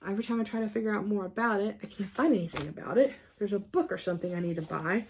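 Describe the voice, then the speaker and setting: A woman in casual show-and-tell mode, walking through her craft projects in an easy, rambling way. Her voice sits in a middling pitch with a gravelly fry underneath. She loses her train of thought now and then and laughs at herself before moving on. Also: very fast, a little mellow, a little hiss or hum. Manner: chatty and scattered, trails off and laughs at herself. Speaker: cross-stitch vlogger.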